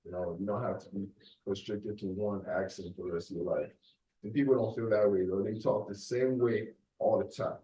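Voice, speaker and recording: Low mellow man rambling in a roomy echo. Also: fairly even intonation, fairly quick, distant mic. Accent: American with a light Nigerian accent. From Nigeria. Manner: loose and rambling, full of fillers like "you know" and "like". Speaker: podcast host. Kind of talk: casual solo podcast monologue.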